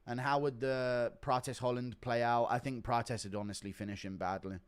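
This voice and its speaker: A young man hosting a live stream with crude, laughing banter. He reads donations out in an offhand, casual way. His pitch sits in a normal middle register. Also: flat delivery, normal speed, clear, resonant tone. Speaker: streamer host.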